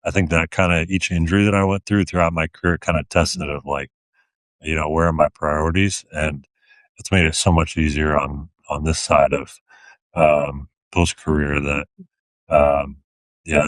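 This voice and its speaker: A man's voice: extremely low pitch, flat delivery, normal speed, fairly bright tone, no echo. A man in his thirties, a retired athlete talking as a guest, reflective and plain-spoken with dry humor. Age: 30s. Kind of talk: casual conversation.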